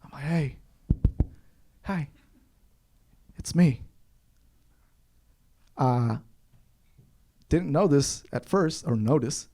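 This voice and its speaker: A young man from Kentucky, USA, performs stand-up on a comedy club stage before a live audience, telling animated stories and acting out other people's voices. His voice is fairly high, and he speaks extremely slowly with frequent pauses.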